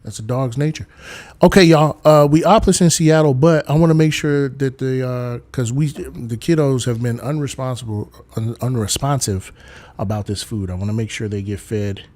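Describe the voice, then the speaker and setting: On his live stream, a man tells meandering funny stories in a medium-pitched, slightly mellow voice at a moderate pace. The chat is casual and comedic, and he often drops into character voices.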